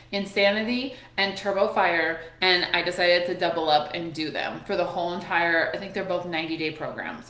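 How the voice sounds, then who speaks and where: A woman in her thirties hosts a casual motivational chat, blunt and full of swearing. She laughs often between her stories. Her voice rings out in an echoey room. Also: mid-range voice. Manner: candid and animated, swears freely, laughs often. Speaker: host.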